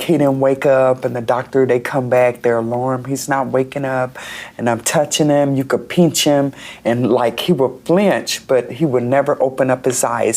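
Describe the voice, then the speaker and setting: A woman's voice: rumbling low, a little mellow. Pastor's wife telling her story. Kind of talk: interview recounting.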